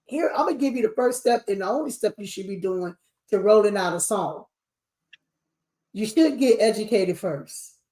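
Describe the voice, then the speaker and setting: A woman, an award show CEO talking shop in a lively, preachy way. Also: medium pitch, normal speed. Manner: animated, preachy, sings snippets. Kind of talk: casual panel chat. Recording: echoey room.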